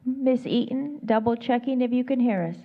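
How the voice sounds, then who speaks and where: A woman's voice: fairly high pitch, moderate pace, a little hiss or hum. A woman running a school board meeting, polite and patient, repeatedly checking whether a remote member can hear her. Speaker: meeting official calling roll. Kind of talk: formal meeting procedure. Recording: tinny phone-like audio.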